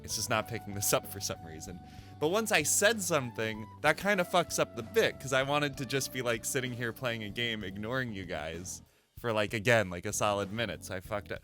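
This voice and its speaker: Animated streamer guy, lively rambling chat. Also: mid-range voice, fairly quick, faint music behind. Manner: animated, rambling, swears, self-deprecating. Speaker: live streamer. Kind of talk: casual live-stream chat. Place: home streaming desk. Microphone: desk microphone through a mixer.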